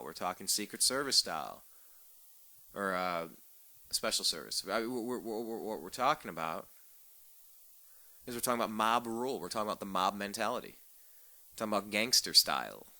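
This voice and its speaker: Brief: man, radio talk host, bright edgy tone, sarcastic rant with stumbling repeats. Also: on the low side, no echo. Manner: sarcastic, ranting, repeats words when fired up. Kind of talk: political talk radio monologue.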